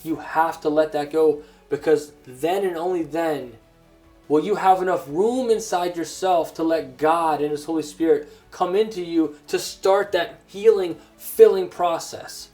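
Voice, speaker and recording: A grown man delivers a personal testimony sermon in an earnest, halting way, circling back and restarting his phrases. His voice sits a little higher than most men's. Soft music plays faintly underneath. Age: adult. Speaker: preacher.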